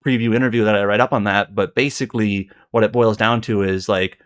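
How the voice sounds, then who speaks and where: A man's voice: on the low side, fairly even intonation, a little fast, clear, resonant tone. Rambling man recounting on a podcast. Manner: rambling, heavy on fillers and self-corrections. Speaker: podcast co-host. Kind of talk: casual podcast chat.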